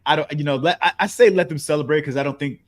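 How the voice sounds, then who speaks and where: A man's voice: a little high, fast talker. A man hosting a sports podcast in casual, profane chat, often acting out what other people say.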